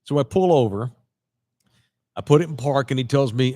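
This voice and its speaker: A man's voice: mid-range voice, normal speed, long pauses, no room sound. A man hosting a podcast, telling a long story in casual chat, acting out both sides of the conversation with lots of restarts. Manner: animated storyteller quoting others, frequent restarts. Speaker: podcast host.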